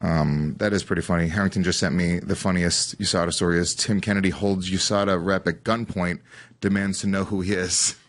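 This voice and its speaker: A man's voice: sits low, steady tone, brisk. A man hosting a podcast, reading listener questions in a loose, profane way. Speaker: podcast host.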